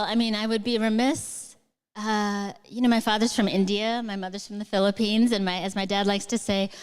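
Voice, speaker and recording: A woman's voice: medium pitch, clear, resonant tone. A middle-aged woman, a guest author talking onstage before a live audience, telling rambling, enthusiastic stories full of fillers. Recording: long hall reverb.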